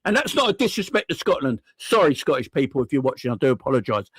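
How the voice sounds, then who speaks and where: A young football fan channel host rants furiously about a defeat, swearing, repeating himself, and firing off rhetorical questions. He talks fast in a sing-song, medium-pitched voice with a breathy edge, recorded without echo.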